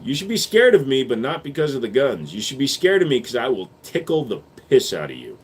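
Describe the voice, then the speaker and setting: Male streamer taking chat questions: blunt, profane, bantering, quick with answers, sarcastic when pushed. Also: medium pitch, huge pitch swings, slightly rough. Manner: reads viewer questions aloud, then answers quickly; turns loud and sarcastic when arguing. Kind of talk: casual live-stream chat.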